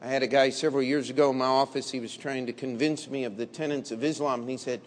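A man preaching a sermon in a blunt, combative way, dropping to low murmurs and rising to loud emphatic bursts. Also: steady tone, fast talker, few pauses. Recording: long hall reverb.

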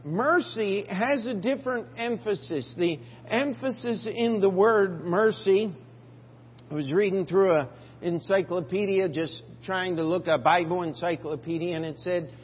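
Older male pastor, halting, filler-heavy sermon delivery; slightly high voice; reverberant, dull lo-fi church recording. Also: slight background noise. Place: church sanctuary.

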